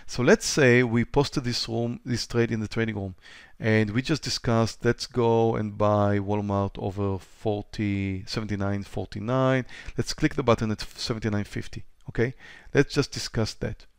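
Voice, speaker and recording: A man's voice: lowish voice, steady tone, moderate pace, hardly any pauses, clear, resonant tone, no room sound, studio quality. A man teaching a live trading webinar, who talks straight to his students, repeats phrases, and acts out a trader's racing thoughts. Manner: repeats phrases, direct to the audience. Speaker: trading instructor.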